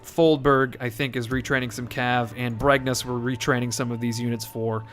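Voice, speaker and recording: A man's voice: mid-range voice, flat delivery, moderate pace, fairly bright tone, faint music behind. Male let's-play host, casual and chatty, thinks aloud and corrects himself. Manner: rambling, self-correcting, joking. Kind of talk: casual gameplay commentary.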